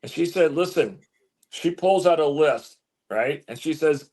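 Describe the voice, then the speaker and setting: A man telling a story as an interview guest, animated, stumbling and repeating words as he goes. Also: on the high side, normal speed. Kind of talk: casual storytelling.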